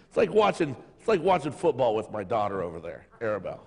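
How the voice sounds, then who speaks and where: A man's voice: medium pitch, huge pitch swings, fast, vocal fry, darkish tone. A middle-aged man preaching a sermon as pastor, telling jokey stories and acting out voices. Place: church sanctuary. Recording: long reverb of a hall.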